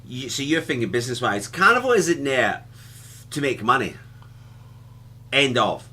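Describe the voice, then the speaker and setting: A man co-hosting a casual talk show, an animated storyteller who tells his stories with laughter. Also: medium pitch, normal speed, husky. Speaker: co-host.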